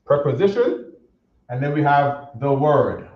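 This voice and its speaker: A man's voice: medium pitch, animated, unhurried. A man teaching a language class, patient and teasing, repeating phrases often. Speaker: Hebrew teacher. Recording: roomy dull classroom audio.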